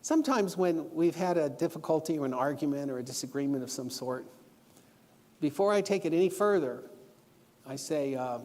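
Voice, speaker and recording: A middle-aged man, guest preaching in a church auditorium, speaks at a moderate pace in a slightly high, somewhat mellow and expressive voice, and the long reverb of the hall trails his words. His sermon lesson mixes personal stories with homework, delivered earnestly and instructively.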